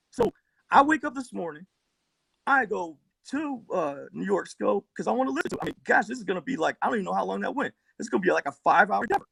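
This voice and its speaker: A man's voice: high voice, gravelly, fairly bright tone, slightly rough, no echo. A man arguing on a phone livestream, telling a long, profane, worked-up story in a rambling way. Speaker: livestream debate participant. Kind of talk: heated live-stream argument.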